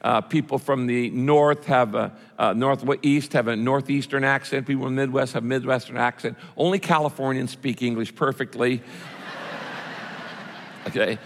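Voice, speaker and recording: A man's voice: medium pitch, fairly even intonation, normal speed. A man preaching a sermon to a congregation in a church, talking in a conversational way and putting questions to his listeners. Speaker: pastor. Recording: reverberant hall.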